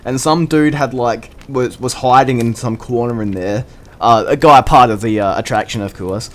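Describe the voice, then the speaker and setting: A man's voice: mid-range voice, normal speed. Swearing, rambling male storyteller. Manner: animated, profane, rambling. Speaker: vlogger. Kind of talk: casual storytelling.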